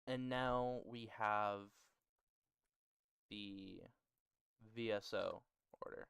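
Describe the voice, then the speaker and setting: A man's voice: on the low side, fairly even intonation, drawn-out words, vocal fry, fairly bright tone, clean tone, dry recording. A male streamer, close to his mic, casually explaining how to build a language to his chat and joking with them. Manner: jokey, bantering with chat, laughs often. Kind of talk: casual livestream teaching about building a language.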